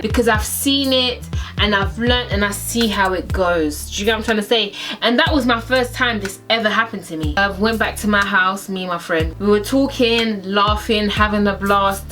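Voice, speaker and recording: Animated young woman telling a story. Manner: animated, acts out quotes with big pitch swings. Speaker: storyteller vlogger. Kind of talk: casual story time.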